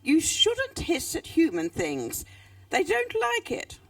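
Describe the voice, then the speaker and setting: A woman voicing a sensible, patient male lizard who gently scolds his friend in a children's story. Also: extremely high pitch, huge pitch swings, slow, creaky, no room sound, distant mic, faint music behind, pitched above the performer's own voice, heavily acted. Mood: chiding. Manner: gently reproachful storybook reading.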